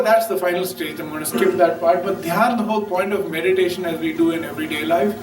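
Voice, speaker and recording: A man's voice: a little high, echoey room, far from the mic, poor audio. A man giving a casual talk on meditation, often checking in with "right?". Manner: casual, keeps asking "right?". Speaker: speaker.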